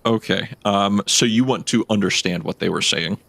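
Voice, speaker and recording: A man narrating as game master of a tabletop game, halting with many fillers. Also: fairly low pitch, creaky, a bit bright, no room sound.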